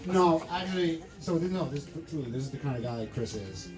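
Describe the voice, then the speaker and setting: A man's voice: fairly high pitch, expressive, fairly quick, roomy sound, rough recording. A man hosting a casual roast among friends, teasing and laughing often, with music under him. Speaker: roast host.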